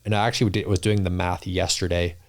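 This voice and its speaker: A man's voice: low-pitched, little pitch movement, quick pace. A man talking as a podcast guest in casual interview chat, earnest and reflective, often restarting his sentences. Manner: earnest, reflective, many restarts and "you know".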